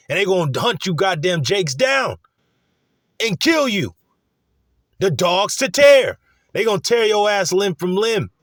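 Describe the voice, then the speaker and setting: Man, fairly high voice, dry close sound; profane, rambling, excitable preacher. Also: dry recording. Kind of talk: profane casual sermon.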